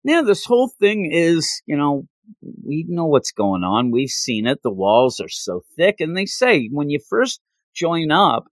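Animated man recapping a show. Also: on the high side, a little slow, no room sound. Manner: animated, acts out characters' lines in jokey voices. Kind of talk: casual recap chat.

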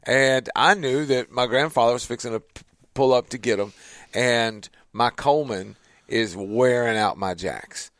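A man's voice: mid-range voice, measured pace, a bit bright, no echo. A man, hosting a show and telling a family story casually, acting out the voices in his quotes. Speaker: podcast host.

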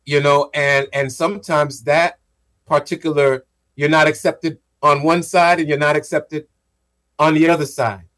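A man co-hosting a radio talk show, explaining ideas in a measured, casual way. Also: a little high, level tone, fairly bright tone. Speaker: radio co-host.

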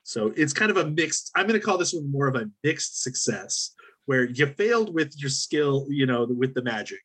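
A man running a tabletop role-playing game as game master, relaxed and joking as he rules on dice rolls. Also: medium pitch, moderate pace, breathy edge.

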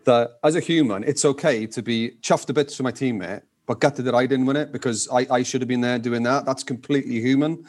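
Quick-talking guy hosting, chatty and sympathetic. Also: medium pitch, darkish tone. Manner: fast, chatty, empathetic questioning. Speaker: interview host. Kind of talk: casual interview chat.

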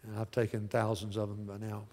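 A man of forty or older preaching a sermon in a folksy way, dropping to soft, slow lines and rising to loud calls. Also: on the low side, completely flat delivery, big-room sound. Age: 40s or older. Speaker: pastor.

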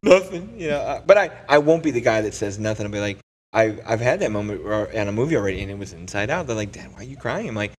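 A man in his thirties or forties on a casual podcast panel, reflective and soft-spoken. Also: fairly low pitch, expressive, fast, a little hiss or hum. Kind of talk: casual chat.

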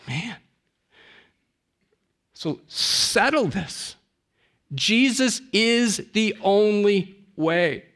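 Male pastor, higher register, deliberate unhurried sermon delivery with dramatic pauses. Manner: emphatic, with dramatic pauses and drops to a low hush.

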